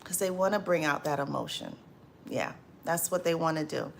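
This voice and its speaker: A woman hosting a casual livestream, greeting viewers by name and reading their comments aloud, laughing loudly and often and repeating her phrases. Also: lowish voice, expressive, normal speed, gravelly. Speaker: livestream host.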